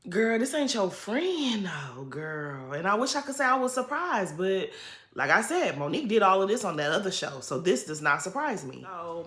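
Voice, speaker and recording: A woman's voice: low-pitched, a bit bright, echoey room. A woman giving blunt, sassy commentary on a reality show in a casual recap.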